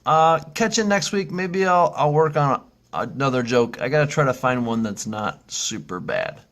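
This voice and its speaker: This vlog host is a man whose animated, fairly bright mid-range voice moves at an ordinary pace. Telling a funny story in a loose, cheerful ramble with plenty of fillers and false starts, he imitates screeching monkeys as part of it.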